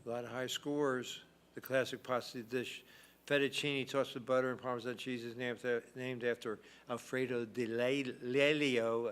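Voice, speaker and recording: Guy hosting a trivia stream, reads questions, cracks dry little jokes. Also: medium pitch. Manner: wry, reads questions and adds asides. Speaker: trivia host.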